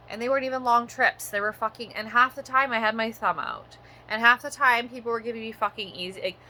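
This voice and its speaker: A woman's voice: mid-range voice, pushed and bright, slight background noise. A woman in her thirties from Canada, ranting in a vlog monologue, swearing often and rambling with lots of "like" fillers. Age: 30s. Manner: profane, rambling, frequent "like" fillers.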